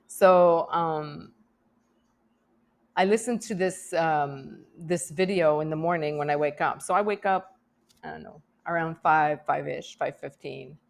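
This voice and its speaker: Middle-aged woman rambling thru a personal vlog, kinda low voice, emotional, laughs a lot, keeps restarting. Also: a little slow, gravelly. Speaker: vlogger.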